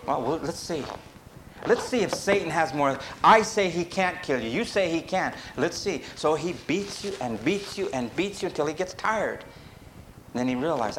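A man preaching a sermon, rising to emphatic peaks and dropping low, with sudden shifts in pace. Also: normal speed, slight background noise. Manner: animated, rises to emphatic peaks and drops low.

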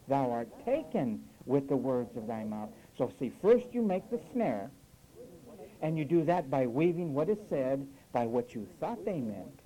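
Heard on a rough recording, a man with a fairly high voice delivers an emphatic sermon. His tone swings up and down with energy as he repeatedly mimics his listeners' words in mock voices.

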